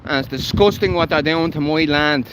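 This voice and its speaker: A man's voice: a little high, normal speed, fairly bright tone, a little hiss or hum, poor audio. An Irish man livestreaming while walking his dog by a canal, talking bluntly and heatedly with lots of swearing. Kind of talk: live walking vlog.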